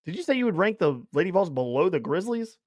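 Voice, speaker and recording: High-voiced, animated sports-podcast man. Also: quick pace, no room sound, clean studio sound. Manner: rambling and animated, loud bursts. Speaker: podcast co-host. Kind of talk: casual sports chat.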